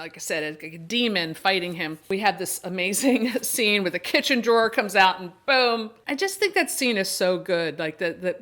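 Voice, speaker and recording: A woman's voice: mid-range voice, fairly bright tone. A woman hosting a horror book and film channel, giving a casual review monologue and retelling the plot with enthusiasm and many restarts.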